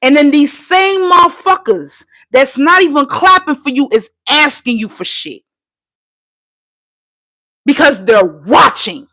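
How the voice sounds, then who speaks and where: High-voiced tearful woman ranting. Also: expressive, a little slow, bright, forceful tone. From Trinidad. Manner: profane, impassioned, insistent. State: fighting back tears. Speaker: livestreamer. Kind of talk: emotional live-stream rant.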